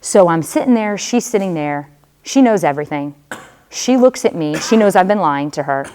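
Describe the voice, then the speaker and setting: A woman with a fairly low voice tells her own story to a room of students. She is a religious sister and talks to them directly, like a conversation. She uses casual fillers as she goes. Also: animated, moderate pace, darkish tone, a little hiss or hum. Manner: conversational storytelling, speaks straight to the audience. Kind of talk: personal testimony talk.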